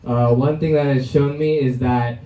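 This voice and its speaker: A man's voice: medium pitch, fairly even intonation, moderate pace, mellow, lo-fi sound, slight background noise. A young man performing a stand-up comedy set at an open mic, brash and crude, laughing at his own jokes. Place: comedy club stage. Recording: roomy live club sound from a distance.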